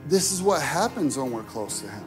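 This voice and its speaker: A man preaching a sermon in a church, talking casually with lots of "like", rising to shouted peaks and dropping to quiet asides. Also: medium pitch, sing-song, brisk, over music. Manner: casual wording with many fillers like "like". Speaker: pastor. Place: church sanctuary.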